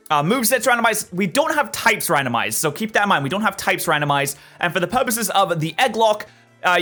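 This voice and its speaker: An excitable young man hosting a gameplay video, talking to the game and cracking jokes as he goes. His pitch jumps around a lot and his tone is bright. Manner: excitable, jokey, talks to the game. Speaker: let's play host. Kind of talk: gameplay commentary.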